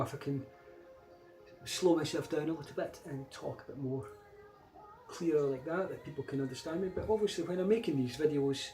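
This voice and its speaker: A man's voice: fairly high pitch, dark tone, low-quality recording. A man with a Scottish accent talking casually in a rambling solo vlog, full of fillers and restarts. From Scotland. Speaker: vlogger.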